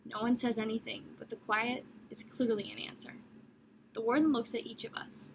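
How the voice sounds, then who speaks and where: A woman narrating a novel in the first person, in a measured, descriptive storytelling manner. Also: a little high, fairly even intonation, in a whisper, low-quality recording. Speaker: audiobook narrator.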